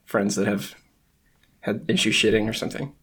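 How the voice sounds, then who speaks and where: A man's voice: on the low side, steady tone, normal speed, a bit bright, husky. A man from the United States chatting casually on a podcast, rambling with lots of fillers. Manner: rambling, filler-heavy, self-deprecating.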